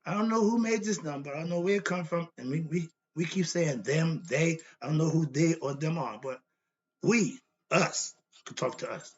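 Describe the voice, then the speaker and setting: A man's voice: a little high, moderate pace, darkish tone, slightly rough, lo-fi sound. A man lecturing on self-knowledge in a blunt, preachy monologue, asking himself questions and answering them. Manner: preachy, repetitive, rhetorical questions; annoyed, blunt. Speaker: host. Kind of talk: philosophy monologue.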